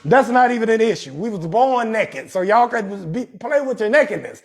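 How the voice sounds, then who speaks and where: A young adult male comedian hosting a live talk show, riffing loudly with crude advice and calling out viewers in his chat. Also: high voice, very animated, normal speed. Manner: loud, brash, riffing, shouting out viewers in chat. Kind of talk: profane comedic advice monologue on a livestream.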